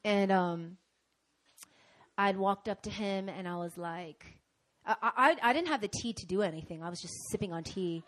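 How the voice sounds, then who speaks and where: Young woman, sermon testimony, animated storyteller with big swings from soft to loud. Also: medium pitch, normal speed. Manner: dramatic and animated, with sudden swings from hushed to loud. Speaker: preacher giving a testimony.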